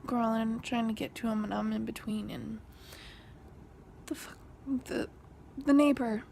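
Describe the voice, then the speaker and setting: A woman's voice: a little high, fairly even intonation, measured pace, slight background noise. A young woman vlogger telling a story in a casual way, often half-whispering. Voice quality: gravelly fry. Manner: whispery, hushed retelling that rises when quoting an argument.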